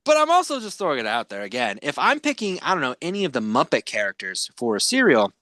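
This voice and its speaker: A man's voice: medium pitch, huge pitch swings, fast talker, sharp tone, no echo, studio quality. A man hosting a podcast, chatting casually and rambling with many fillers. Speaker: podcast host. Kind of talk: casual chat.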